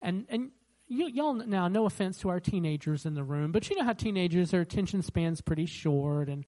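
Animated conversational preacher. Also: mid-range voice, fairly quick, poor audio. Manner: animated, acts out the voices of the people it quotes; conversational, with frequent restarts. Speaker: pastor. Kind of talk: sermon.

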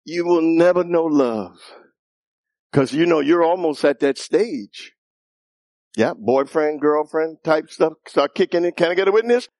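A man preaching a sermon in a church, calling out questions to the congregation, teasing with laughs and rising to shouts. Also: fairly high pitch, animated, unhurried, dry recording, studio quality. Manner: playful teasing asides with laughter.

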